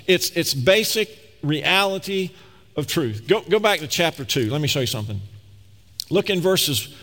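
A man's voice: fairly high pitch, lively intonation, moderate pace, bright, forceful tone. A man preaching a sermon as pastor, talking conversationally and emphatically, acting out little quoted voices. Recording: reverberant hall.

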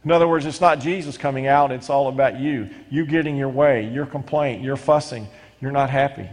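A middle-aged male pastor preaching a sermon, animated and stumbling into quick restarts as he reads scripture and explains it. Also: medium pitch. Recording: long hall reverb.

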